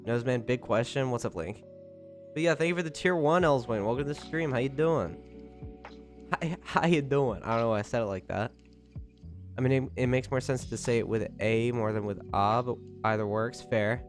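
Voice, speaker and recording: A young adult man streaming live, chatting casually and greeting viewers by name, recovering from a cold, with loud excited bursts when he thanks people. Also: mid-range voice, fairly quick, faint music behind.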